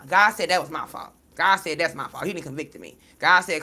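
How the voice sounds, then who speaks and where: Low-pitched middle-aged woman, bright tense voice, aave-tinged, blunt and emotional. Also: racing, vocal fry, hardly any pauses. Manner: blunt, emotional, animated storytelling with swearing. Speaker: spiritual reader. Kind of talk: casual spiritual talk.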